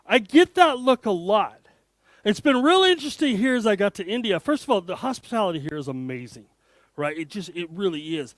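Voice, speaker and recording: A man's voice: high voice, fairly quick, dry recording. A man, telling a self-deprecating funny story to an audience as a guest speaker. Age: 50s. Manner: animated, self-deprecating, joking. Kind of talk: humorous storytelling talk to an audience.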